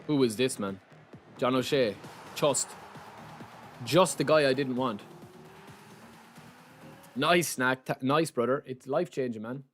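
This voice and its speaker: A young Irish man streaming a game, chatty and excitable, talking to his chat as "lads" and saying he is sleep-deprived. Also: medium pitch, a little slow, pauses often, faint music behind. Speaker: gaming streamer. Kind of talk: live stream chat while opening game packs.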